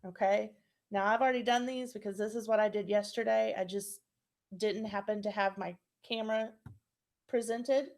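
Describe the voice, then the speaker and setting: A woman's voice: mid-range voice, fairly even intonation, moderate pace. A woman teacher giving a recorded phonics lesson to young children, spelling words out letter by letter and clapping out syllables.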